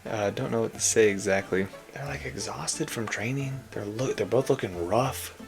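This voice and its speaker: A man's voice: lowish voice, moderate pace, gravelly. A man casually reacting to a fantasy romance novel he is reading, joking and laughing a lot. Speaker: book reviewer, reader.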